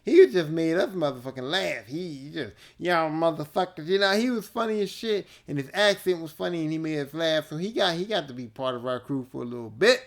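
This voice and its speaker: A male podcast host telling a casual story alone, laid-back, profane and animated. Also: on the high side, a little fast, hardly any pauses.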